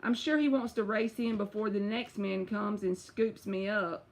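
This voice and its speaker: A woman's voice: a little high, measured pace, creaky, pauses often. Chatty woman reading tarot. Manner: casual, chatty, uses y'all and bruh. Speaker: tarot reader. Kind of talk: live-stream tarot reading.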